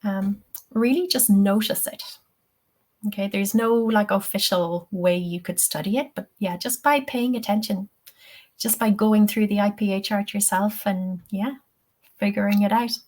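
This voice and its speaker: A woman's voice: medium pitch, fairly even intonation, measured pace, a little mellow. A woman, a tutor answering questions in a live webinar, chatty and thinking aloud with many ums. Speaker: English-teaching tutor.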